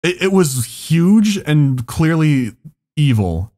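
A man's voice: fairly high pitch, big pitch swings, slow, dark tone. A man on a podcast telling a story in casual chat, laughing often and swearing as he goes. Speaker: podcast co-host.

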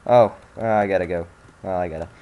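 A man's voice: low voice, brisk, highs cut off. Grumpy young man swearing at a game. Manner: irritable, swearing, grumbling. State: angry, frustrated. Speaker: let's play commentator. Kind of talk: casual gameplay commentary.

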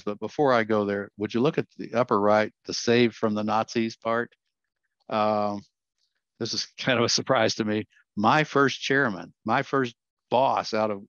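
Older guy giving an earnest slide talk over a video call, lowish voice, kinda dull lo-fi sound. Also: fairly bright tone, no echo. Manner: earnest, self-correcting storyteller. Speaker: guest speaker.

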